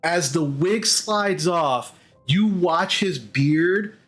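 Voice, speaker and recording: A man narrating as game master in a tabletop game, halting and repeating words as he goes. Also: a little high, lively intonation, fairly bright tone, faint music behind.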